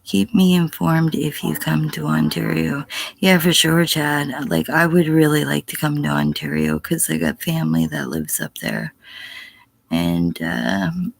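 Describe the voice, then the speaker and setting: A woman's voice: low-pitched, very animated, unhurried. A middle-aged woman on a casual livestream answering chat, blunt and profane, sometimes dropping to a whisper. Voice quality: gravelly, husky.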